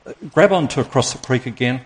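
A man's voice: mid-range voice, lively intonation, fast. A man preaching a sermon as pastor to his congregation, earnest and emphatic, stopping to put questions to the listeners.

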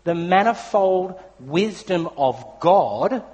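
A man's voice: high voice, animated, takes it slowly, darkish tone. An Australian man preaching a sermon, telling a personal story in a chatty way with frequent fillers. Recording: long hall reverb.

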